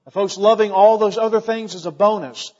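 A man's voice: sits high, fairly even intonation, a little fast, a little mellow, muffled recording. A middle-aged man preaching a sermon in a church, folksy in tone, building emphasis and quoting scripture. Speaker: pastor.

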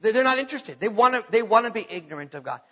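A man's voice: high-pitched, lively intonation, very fast, fairly bright tone, muffled recording. A man preaching a sermon as pastor, reading scripture aloud with bursts of emphasis.

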